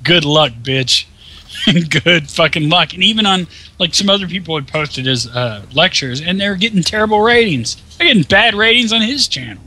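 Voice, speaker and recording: Man, slightly high, very bright tone; crude, mocking gaming-chat banter. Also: lively intonation, moderate pace. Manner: crude, mocking, laughs often. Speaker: let's play co-host. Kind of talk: casual profane banter.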